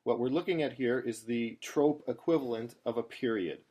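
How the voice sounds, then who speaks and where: A cantor giving a patient screen-share lesson on Torah chanting, explaining each step and singing short chanted examples. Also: male voice, medium pitch, normal speed, warm tone.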